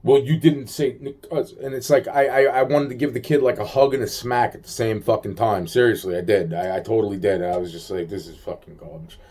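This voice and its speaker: A man's voice: mid-range voice, fairly even intonation, fairly quick, few pauses, a little mellow. A man venting in a rambling casual monologue, agitated, profane and full of repeated fillers.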